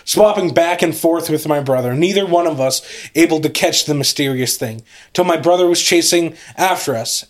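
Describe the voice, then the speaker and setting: Man, podcast host, theatrical spooky story reading, slightly higher voice, builds suspense. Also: moderate pace.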